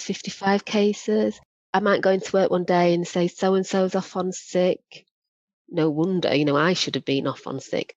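A former probation practitioner, appearing as a podcast guest, tells candid, animated stories about her work and acts out the voices of the people involved. Her voice is on the low side. The lo-fi audio is dry and dull, with no room sound.

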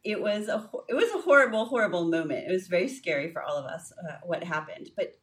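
A woman's voice: lowish voice, fast talker. Woman co-host telling stories, slightly distant. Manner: lively storytelling with frequent fillers and restarts. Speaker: podcast co-host. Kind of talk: casual faith podcast chat.

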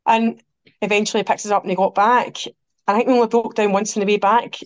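Scottish woman guest spinning animated anecdotes; middle pitch, dry close-mic sound. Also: fast, no echo. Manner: animated, quotes people, laughs through her stories. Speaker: podcast guest. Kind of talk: anecdotal storytelling chat.

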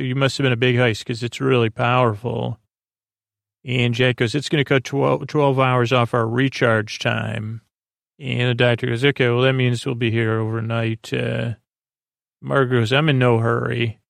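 A man's voice: mid-range voice, vocal fry, dry recording, clean studio sound. A man hosting a podcast, casually retelling a story in a rambling way with lots of filler words and "he goes, she goes.". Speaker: podcast host. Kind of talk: casual plot recap.

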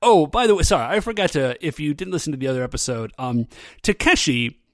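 A man's voice: fairly high pitch, lively intonation, fast, no echo, clean studio sound. A man hosting a podcast, recapping an episode in a casual, rambling way, full of fillers like "um" and "like", with frequent laughs. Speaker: podcast host.

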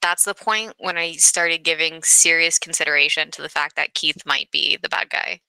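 A woman in casual conversation, reasoning aloud about a film with quick asides, talking over a remote call from her computer. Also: sits low, pushed and bright, smooth, no room sound, rough recording. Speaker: co-host. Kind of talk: casual chat.

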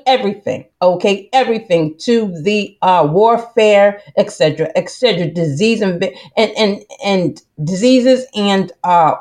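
A woman's voice: medium pitch, a little mellow. A woman hosting a podcast in a casual monologue, emphatic and preachy, rambling with many fillers and restarts and often cutting in with "listen". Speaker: podcast host.

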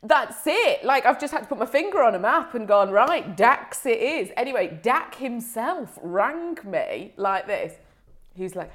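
A woman's voice: fairly high pitch, unhurried. A woman co-hosting a podcast, chatting casually and telling a story with lots of laughter. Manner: animated storytelling, laughing often. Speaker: podcast co-host. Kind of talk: casual chat.

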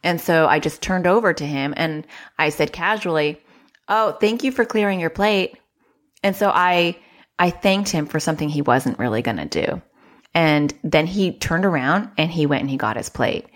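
A woman child therapist hosts her podcast and gives casual advice. Her voice sits low but moves in lively swings, and she is chatty and self-deprecating, often acting out little quotes. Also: normal speed.

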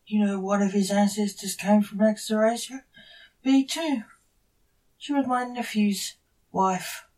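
A woman's voice: mid-range voice, fairly even intonation, a little slow, warm tone, far from the mic, close to an everyday voice. A woman reading as a cheerful old emperor. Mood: genial. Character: elderly male Emperor of the Universe, genial.

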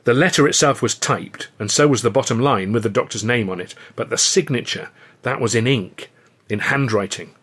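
A man's voice: mid-range voice, normal speed, a bit bright, husky. A man reading his own comic novel aloud in a dry, wry storytelling manner. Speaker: author and audiobook narrator. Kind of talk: scripted narration.

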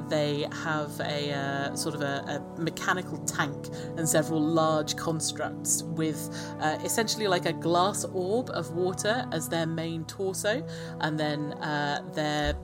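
Low-voiced woman game master. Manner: descriptive, with many fillers. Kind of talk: narrating a tabletop game.

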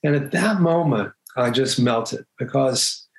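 A man speaks in an even, middle-pitched voice, sharing a personal story as a doctor. He sounds reflective and earnest, and his sentences often stall and restart while emotion shows through. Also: unhurried, poor audio.

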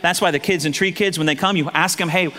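A middle-aged man preaching a sermon as pastor, lively and joking with asides to the congregation, in a large church. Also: high voice, quick pace. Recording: long hall reverb.

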